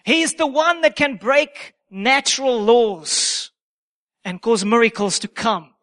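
A man's voice: extremely high pitch, takes it slowly, sharp tone. A man preaching a sermon, emphatic and repeating key phrases for effect.

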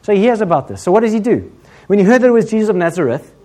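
A man with an English accent preaching a sermon in a conversational, humorous style, full of asides and lively retellings. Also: sits high, racing. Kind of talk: sermon with storytelling.

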